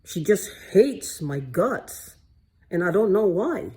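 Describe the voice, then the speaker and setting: A woman's voice: on the low side, big pitch swings, slow, mellow. A woman talking in a loose, rambling monologue, often repeating herself and restarting. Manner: repetitive, rambling, restarts a lot. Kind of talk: casual monologue to camera.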